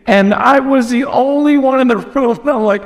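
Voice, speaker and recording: A man's voice: extremely high pitch, normal speed. An American man preaching a sermon, earnest and emphatic, often repeating phrases, recorded in a large church hall. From United States. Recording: long reverb from a large hall.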